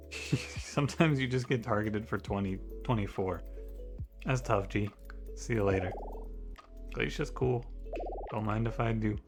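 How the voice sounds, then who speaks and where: A man's voice: fairly low pitch, measured pace, pauses often, music in the background. A man casually commenting on his own game run, talking to the characters and breaking into exasperated outbursts at bad luck. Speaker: video game streamer.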